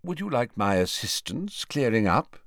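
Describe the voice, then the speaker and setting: A man reads a tall, courteous old wizard in a storybook, measured and unhurried, his tone rising and falling gently. Close, dry recording. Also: fairly low pitch, big pitch swings, no echo, full character voice. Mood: gently amused. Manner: measured and polite.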